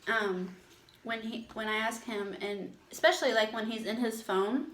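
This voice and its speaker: A woman with a fairly high voice chats casually, teasing and exclaiming. The sound bounces around an echoey room. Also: fairly even intonation, moderate pace, fairly bright tone. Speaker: mukbang host. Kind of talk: casual chat.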